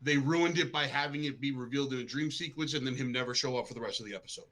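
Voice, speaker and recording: A man's voice: mid-range voice, very fast, a bit bright. A man co-hosting a podcast in casual chat, bluntly ranting as a critic. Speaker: podcast co-host. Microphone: podcast microphone.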